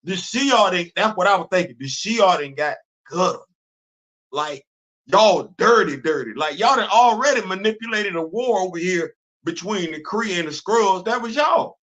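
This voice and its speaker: Male host with a high, sharp voice; lively, exclamatory fan chat. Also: moderate pace. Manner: animated, repetitive, exclaiming, laughing. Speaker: comics podcast host. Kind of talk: excited casual comic book talk. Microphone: live stream mic.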